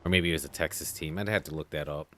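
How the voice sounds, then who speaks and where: A man's voice: very deep voice, quick pace, fairly bright tone. A man hosting a let's play, chatting and joking casually while he plays. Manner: chatty, jokey, reads game notes aloud in voices. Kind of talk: casual gameplay commentary.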